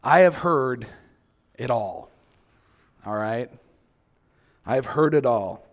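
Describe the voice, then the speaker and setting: A man's voice: mid-range voice, lively intonation, slow pace. A male preacher giving a sermon, acting out quoted reactions and asking the listeners many questions.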